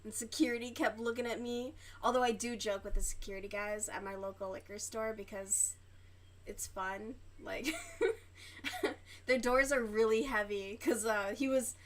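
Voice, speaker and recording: Chatty young woman, higher pitch. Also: fairly even intonation, normal speed. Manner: rambling, chatty, swears freely, many fillers. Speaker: livestream host. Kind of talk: casual chat while crocheting on a livestream.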